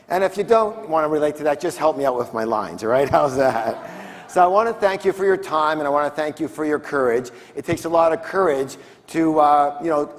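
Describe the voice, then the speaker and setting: A man giving a motivational seminar talk on stage, drawing call-and-response answers from his audience. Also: a little high. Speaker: seminar speaker. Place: large conference hall, on stage. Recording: long reverb of a large hall.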